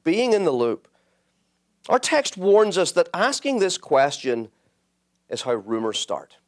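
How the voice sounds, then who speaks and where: A man's voice: on the high side, very animated, a little slow. A man preaching a sermon, emphatic and building to impassioned peaks.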